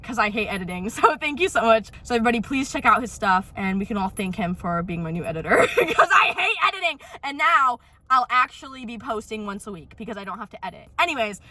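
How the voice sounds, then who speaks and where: A young woman vlogging casually into her phone, telling animated stories about her dad with lots of "literally" and "like". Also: fairly high pitch, fast talker, hardly any pauses. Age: young adult. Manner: animated, chatty storytelling with frequent "literally" and "like". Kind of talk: casual ranting vlog.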